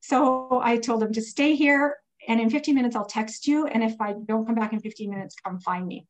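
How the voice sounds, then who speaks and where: A woman guest telling a personal story in casual talk, animated, with frequent restarts and fillers. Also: a little high, fairly quick, low-quality recording. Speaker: guest sharing a personal testimony.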